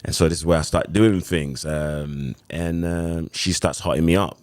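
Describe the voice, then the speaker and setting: A man with a London accent in his thirties, a podcast guest telling his story in a casual, animated way. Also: low voice, moderate pace. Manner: animated retelling with acted quotes.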